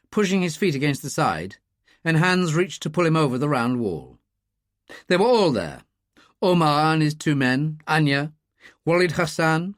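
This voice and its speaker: An audiobook narrator reading a thriller in a steady, measured narrating voice. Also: mid-range voice, no room sound, studio quality.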